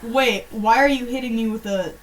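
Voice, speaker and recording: A woman's voice: on the high side, normal speed, natural voice. A woman voicing a weird, dramatic boy who writes silly letters, melodramatic and cackling. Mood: frantic. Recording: distant mic, faint background hum.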